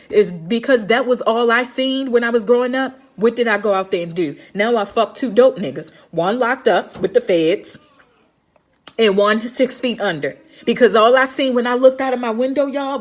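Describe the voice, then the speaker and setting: A woman, giving a blunt, profane motivational talk on a live stream and often asking if her listeners understand. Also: a little high. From Baltimore, Maryland. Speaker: live streamer and home health nurse.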